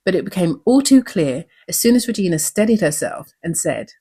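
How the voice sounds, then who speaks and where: A woman's voice: medium pitch, expressive, brisk, mellow, breathy edge. A woman hosting a recap show, talking in an earnest, reflective way and asking many questions. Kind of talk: recap commentary.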